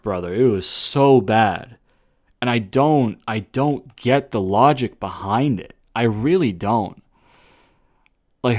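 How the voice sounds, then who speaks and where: A young man delivers a heated, profanity-laced review in a casual ranting tone. His voice sits at an ordinary middle pitch. He peppers his talk with rhetorical questions and addresses the listener as "brother.". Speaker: wrestling reviewer.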